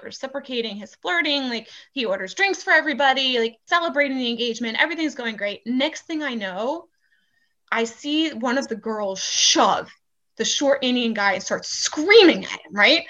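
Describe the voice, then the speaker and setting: A young woman tells bar stories in a casual chat, her voice bright and fairly high. She talks in an animated way and swears freely. The recording sounds a little dull. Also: normal speed. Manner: animated, swearing, acts out quoted voices loudly. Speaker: bartender.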